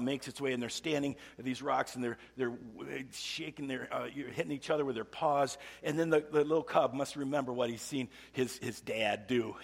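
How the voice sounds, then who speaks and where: A man preaching a sermon as pastor, telling a story and shifting between loud emphatic bursts and hushed, near-whispered lines. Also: medium pitch, normal speed, vocal fry, few pauses, breathy edge, in a large hall. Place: church sanctuary.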